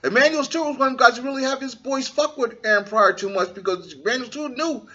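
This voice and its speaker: A man's voice: extremely high pitch, fast, pushed and bright, highs cut off. A man hosting a boxing talk show, giving blunt, profane opinions in a casual monologue and acting out what fighters say.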